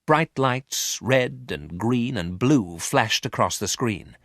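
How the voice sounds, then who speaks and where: A man giving a clear, expressive scripted audiobook narration. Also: medium pitch, slow pace, a little hiss or hum.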